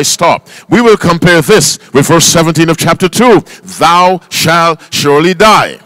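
Man, pastor, sermon, call-and-response questions, animated pitch, dry sound. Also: unhurried, few pauses, no echo. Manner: reads scripture aloud in King James wording; emphatic, spells out words for stress.

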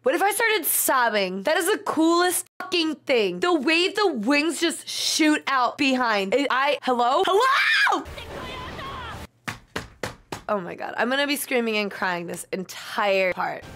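Bright, lively young woman reacting to anime. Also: sits high, a little slow, hardly any pauses, slight background noise. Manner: emotional, swears, shrieks and laughs between lines. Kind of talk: excited reaction commentary.

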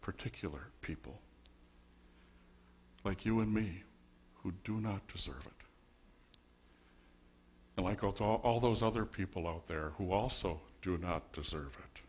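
Wry, conversational pastor with a low voice. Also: male voice, unhurried, pauses often, a little mellow, breathy edge. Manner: conversational and wry, with rhetorical questions. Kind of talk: sermon. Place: church sanctuary.

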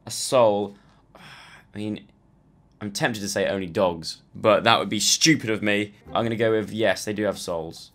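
A man's voice: on the low side, normal speed, a bit bright. A young man chatting and thinking aloud as he plays through online quizzes for his channel. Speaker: YouTuber. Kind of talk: casual commentary playing online quizzes.

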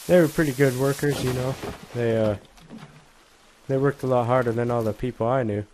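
A man's voice: mid-range voice, normal speed. Crude joking man over noisy game sound. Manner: joking, crude, swears a lot. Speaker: gameplay commentator. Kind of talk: casual let's play commentary.

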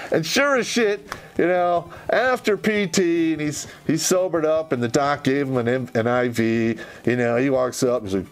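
A man casually telling an army anecdote, swearing constantly and retelling it with animated energy. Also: fairly high pitch, normal speed, faint music behind. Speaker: army veteran storyteller.

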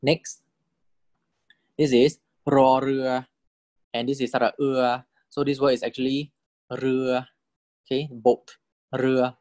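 A man delivers a recorded lesson in a patient, methodical way, pausing often to check that the listener is following. He repeats each example word several times, letting his pitch rise and fall to show the tones. His voice sits at an ordinary middle pitch, and the recording is dry and close with no room echo. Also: a little mellow. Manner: patient, checks understanding with repeated "correct?" and "okay?". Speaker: Thai language teacher. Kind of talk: recorded lecture explaining Thai spelling and tones.

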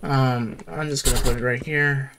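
A man's voice: mid-range voice, fairly even intonation, normal speed, background noise. A man playing a horror game on his channel, scared and jittery, repeating the same words over and over and calling everyone "bro". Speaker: gaming youtuber.

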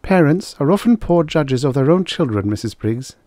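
A severe schoolteacher lady speaks with icy precision, as a male narrator puts her on. Her voice sits well above his own and swings widely, crisp and clipped. The recording is close and dry. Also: on the high side, lively intonation, moderate pace, mellow, dry recording, pitched above the performer's own voice, lightly acted. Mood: icy, prim. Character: prim severe middle-aged female schoolteacher.

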